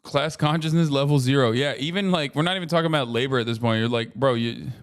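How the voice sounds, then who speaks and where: A man's voice: mid-range voice, fast, smooth. A man in his thirties streaming a casual reaction commentary, rambling and swearing freely with joking asides.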